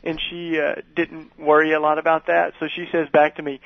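A man's voice: fairly high pitch, little pitch movement, fairly quick, creaky, hardly any pauses, no room sound. A man from East Tennessee, a guest on a radio interview, who talks earnestly with lots of restarts and laughs at his own stories. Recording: dull lo-fi radio sound.

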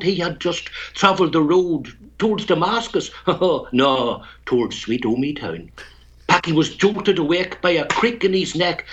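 A man with a Northern Irish accent tells a story and recites a rhymed poem as a guest. His voice sits a bit high, and it comes through a dull, lo-fi phone line. He chuckles between lines. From Tyrone, Northern Ireland. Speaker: guest poet.

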